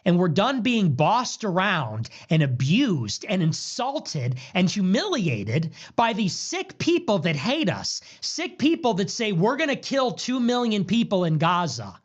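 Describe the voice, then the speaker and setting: A man's voice: high voice, very animated, unhurried, hardly any pauses. A man delivering an angry, profane, preachy rant on a livestream. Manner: furious, profane, preachy tirade. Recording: dull lo-fi clip audio.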